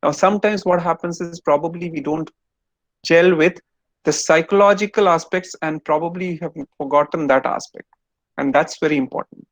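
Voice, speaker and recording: A man's voice: fairly high pitch, normal speed, dry recording. A man giving an online lecture to students over a video call, explaining step by step and quizzing them.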